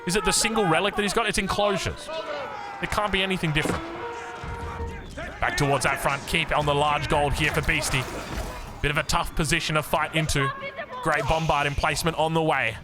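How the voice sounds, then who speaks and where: An Australian man commentating a strategy game match in an excitable, chatty way, joking and digressing as he goes. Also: fairly high pitch, a little fast, pauses often, music in the background. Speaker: game caster.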